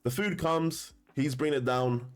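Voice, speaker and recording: Animated man telling a story. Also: mid-range voice, normal speed. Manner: animated, slangy, laughs often. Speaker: commentator. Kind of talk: casual storytelling to camera.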